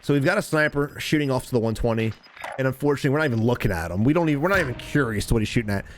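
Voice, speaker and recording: A man coaching viewers over game footage, deliberately dramatic and emphatic, talking straight to his audience. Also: medium pitch, lively intonation, slight background noise. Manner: addresses viewers and chat directly. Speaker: gaming coach commentator. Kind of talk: gameplay commentary and tips.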